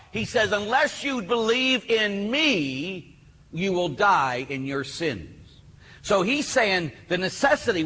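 Male preacher, lively and bright, insistent, hall reverb with faint hiss. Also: high-pitched. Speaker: Catholic speaker. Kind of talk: sermon.

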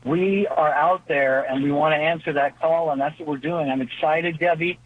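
An earnest man with a fairly high voice joins a radio show over a tinny phone line. He is a seminarian and fills his talk with "um" and "you know". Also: steady tone, moderate pace, noisy background. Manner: earnest, many fillers. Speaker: seminarian co-host. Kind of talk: call-in radio show chat.

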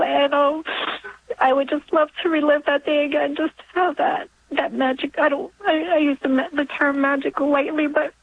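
Woman in her forties, caller, tearful, halting, high-pitched, phone-line sound. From New York. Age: 40s. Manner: tearful, halting, laughing through tears. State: crying. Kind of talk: emotional call-in sharing.

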